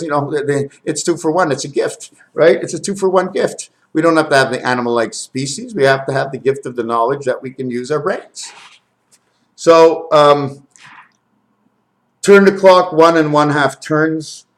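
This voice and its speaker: A man talking to his camera in a rambling home video, counting numbers aloud, correcting himself and getting excited over what he finds. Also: fairly high pitch, normal speed. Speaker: video maker.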